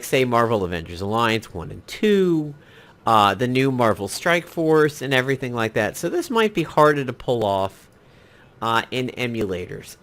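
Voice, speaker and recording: A man's voice: mid-range voice, fairly bright tone. A man from New York giving casual, rambling commentary while playing a mobile game, with many fillers and asides.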